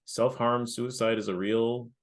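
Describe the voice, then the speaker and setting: A man's voice: mid-range voice, level tone, unhurried. A man hosting a podcast, asking long, searching questions that restart and circle. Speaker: podcast host. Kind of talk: podcast interview.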